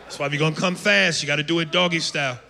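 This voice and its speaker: A man's voice: fairly high pitch, steady tone, rapid-fire, gravelly. A man doing stand-up comedy, delivering crude, blunt punchlines. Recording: reverberant venue with audience noise.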